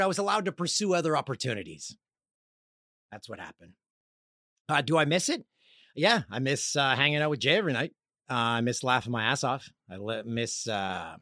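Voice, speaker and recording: A man's voice: mid-range voice, creaky, a bit bright, no echo, studio quality. A man in his forties hosting a podcast, talking in a rambling, candid casual monologue. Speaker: podcast host.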